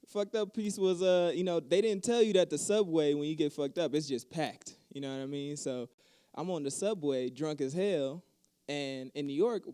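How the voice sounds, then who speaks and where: A man's voice: a little high, warm tone, clear, resonant tone. Cocky New Mexican male stand-up comic. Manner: cocky, laid-back storytelling with profanity. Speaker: stand-up comedian. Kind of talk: stand-up comedy.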